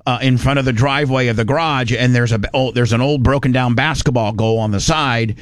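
A man's voice: medium pitch, steady tone, a little fast, dry recording. Folksy rambling storyteller man. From Indiana, USA. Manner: rambling, folksy, with many restarts. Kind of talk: casual storytelling.

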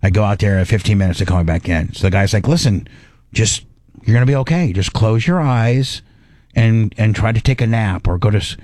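A man's voice: on the low side, animated, brisk, darkish tone, dry recording, studio quality. A middle-aged man hosting a radio show, telling a rambling, self-mocking story in casual chat with lots of restarts.

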